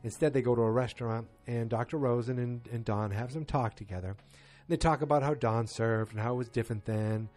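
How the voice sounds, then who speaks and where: Man, relaxed mellow tone, loose rambling recap of a show, halting and casual. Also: medium pitch, faint music behind. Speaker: TV episode recapper. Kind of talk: casual spoken episode recap.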